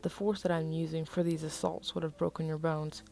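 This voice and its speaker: A woman reading her own story aloud, voicing a calm, commanding young male vampire who makes cold threats. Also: sits low, fairly quick, creaky. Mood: menacing.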